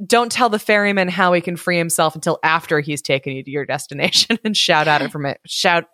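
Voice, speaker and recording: A woman's voice: on the low side, fast talker, fairly bright tone, no room sound, studio quality. A woman chatting casually and enthusiastically about a story. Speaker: co-host listener. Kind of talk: casual chat.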